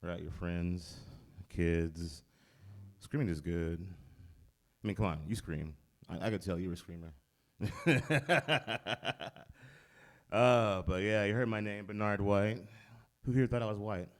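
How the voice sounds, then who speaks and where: A man's voice: low voice, slow pace. A man doing stand-up comedy on a club stage, laid-back and provoking the crowd. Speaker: stand-up comic.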